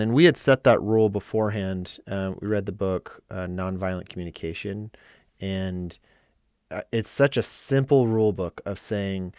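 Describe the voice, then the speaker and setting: Guy with a lowish voice talking candidly about his relationship, dry close sound. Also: darkish tone, clean tone, no room sound. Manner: candid, self-deprecating. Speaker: co-host. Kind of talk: casual couple talk about relationships.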